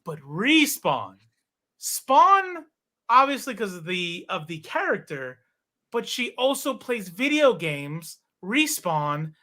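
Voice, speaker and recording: Animated man telling stories. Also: high-pitched, takes it slowly. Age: 30s. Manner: animated, swearing, acts out quoted dialogue. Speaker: podcast guest. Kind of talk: casual storytelling chat.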